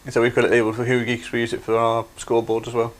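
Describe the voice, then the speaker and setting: A man's voice: medium pitch, monotone, very fast, slight background noise. A man hosting a craft livestream, chatty and explaining things step by step. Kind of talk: casual demonstration.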